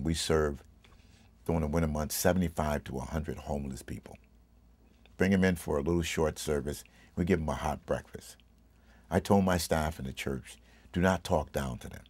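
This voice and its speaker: A middle-aged man with an extremely low, husky voice tells a heartfelt testimony the way a pastor preaches, pressing hard on his words. His emotion runs close to the surface. The sound is dry, with no room around him. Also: mellow, no echo. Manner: emphatic, preacherly delivery; emotional, tearful at times.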